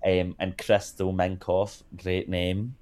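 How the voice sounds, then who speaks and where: A very deep-voiced man chatting casually as a podcast co-host. He talks in a gossipy, animated way, leaning hard on the juicy bits. His voice stays low and rumbling throughout. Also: takes it slowly. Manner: chatty and gossipy, lively swings of emphasis. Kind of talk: casual chat.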